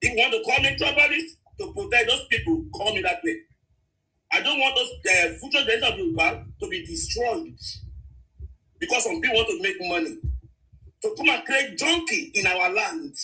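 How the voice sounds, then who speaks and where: Caller: man, high bright voice, earnest and pleading. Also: animated, moderate pace, soft background music, poor audio. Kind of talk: call-in radio talk.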